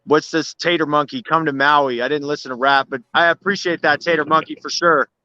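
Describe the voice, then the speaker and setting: A man's voice: fairly high pitch, fairly even intonation, fairly quick, sharp tone, dry recording, highs cut off. A man chatting as a guest from outdoors in the cold, laid-back and sweary, with "you know what I mean" in many of his lines. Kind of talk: casual chat.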